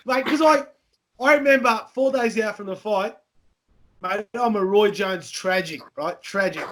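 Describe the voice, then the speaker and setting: A high-pitched man hosts a casual chat. He tells stories animatedly, swearing freely and acting out the other people in them. The talk is loose and matey. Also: unhurried. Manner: animated, profane, acts out voices in his anecdotes. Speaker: podcast host.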